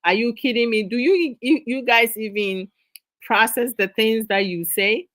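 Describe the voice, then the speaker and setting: A woman's voice: a little high, a little slow, a bit bright, dry recording. Laughing, exasperated woman host. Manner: exasperated, lecturing, laughs often. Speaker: host of a live discussion stream. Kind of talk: casual live-stream talk to viewers.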